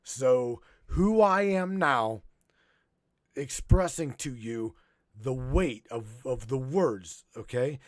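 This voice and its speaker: Slow, emotional, swearing man host. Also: medium pitch, lively intonation, no room sound, studio quality. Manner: rambling, profane, choked up, halting restarts. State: choking up. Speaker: podcast host. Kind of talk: emotional live-stream monologue.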